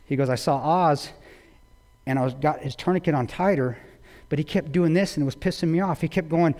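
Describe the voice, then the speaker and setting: A man's voice: a little high, fast, darkish tone, slight background noise. A man giving a public talk, retelling a story intensely with quoted dialogue. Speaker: guest speaker. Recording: long reverb of a large hall.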